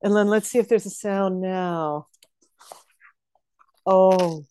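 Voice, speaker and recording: A woman's voice: mid-range voice, slow, dark tone, clear, resonant tone. A woman co-hosting a casual chat over a video call, enthusiastic and laughing often, sleepy and yawning. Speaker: podcast co-host.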